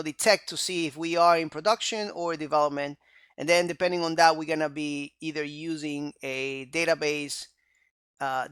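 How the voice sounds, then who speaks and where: Male coding instructor, screencast voice-over; smooth, bright timbre in a dry sound, chatty, keeps asking "okay?". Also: on the high side, no room sound. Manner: conversational, checks in with "okay?" and "right?". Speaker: programming instructor.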